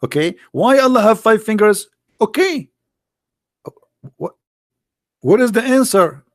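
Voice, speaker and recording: Speaking at a moderate pace with a high voice and lively intonation, a livestream host takes calls and ridicules a religious debate. His non-native English is sarcastic and packed with rhetorical questions.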